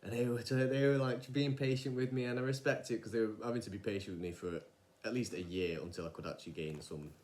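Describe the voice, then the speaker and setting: A man's voice: mid-range voice, fairly even intonation, fast talker, a little mellow. A young man talking casually in a podcast-style monologue, rambling and often wandering off track. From England. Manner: rambling, digressive, many restarts and fillers. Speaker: vlogger.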